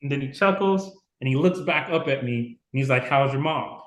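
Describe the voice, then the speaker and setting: A man's voice: mid-range voice, normal speed. A man in his forties from Chicago, telling stories as a podcast guest and acting out the people he quotes. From Chicago, USA. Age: 40s. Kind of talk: casual storytelling interview. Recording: roomy echo.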